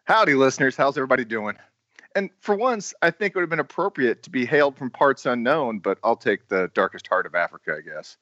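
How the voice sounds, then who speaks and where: A man's voice: mid-range voice, expressive, quick pace, fairly bright tone, dry recording. A man co-hosting a podcast in casual chat, trading wry, sarcastic quips. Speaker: podcast co-host. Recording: dry, dull lo-fi audio.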